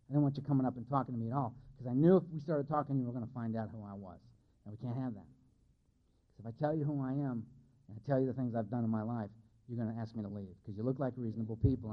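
A fast-talking man with a mid-range voice shares his personal testimony before a live audience at a recovery meeting, candid and poking fun at himself. The recording sounds dull and lo-fi.

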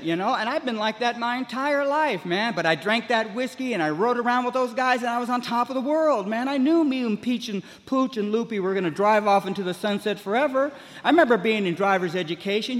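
An older man tells a funny, rambling recovery story. His voice sits high for a man, and a long hall echo trails every phrase. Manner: rambling storyteller, frequent "man, you know". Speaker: speaker sharing recovery story. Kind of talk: humorous recovery talk.

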